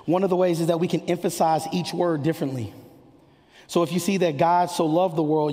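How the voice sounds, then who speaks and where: Male preacher, impassioned rhythmic sermon delivery, high pitch, big reverberant sanctuary sound. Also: fairly even intonation, brisk, warm tone. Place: church sanctuary. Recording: long hall reverb.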